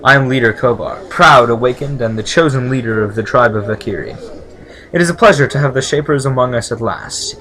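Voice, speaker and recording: A man reading the lines of a proud, wary male village leader from a game in a measured, formal way. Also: medium pitch, sharp tone, natural voice.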